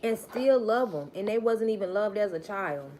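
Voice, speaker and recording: A woman's voice: medium pitch, lively intonation, moderate pace, darkish tone. Woman w/ AAVE preaching on a live stream, repeats herself for emphasis, bit of faint noise behind. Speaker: spiritual reader live-streaming. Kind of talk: live-stream spiritual message.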